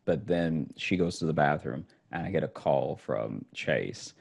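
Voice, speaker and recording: Deep-voiced man telling a story. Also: measured pace, gravelly. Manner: animated storyteller, rising and louder when acting out scenes. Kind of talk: casual podcast chat.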